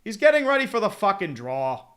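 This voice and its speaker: Young male streamer, high-pitched, rapid excitable play-by-play, swears freely, drifts into rambling chat asides. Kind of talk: casual hockey play-by-play with chat reading.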